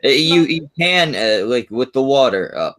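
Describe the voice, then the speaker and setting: A man's voice: medium pitch, animated, normal speed, a bit bright. A man in casual chat, hesitant, with many fillers and restarts.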